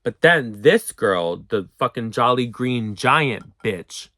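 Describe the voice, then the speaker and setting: An animated young man tells a storytime in casual, profane bursts, slipping into the voices of the people in his story. His pitch sits in the middle and he is recorded close on a dry mic. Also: slow, no room sound. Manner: animated, profane, acts out quotes. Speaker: storyteller vlogger.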